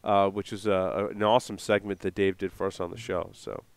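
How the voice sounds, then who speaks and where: A man hosting a casual show, introducing a guest and teasing his co-host in quick upbeat bits. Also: sits low, level tone, clean tone, dry recording.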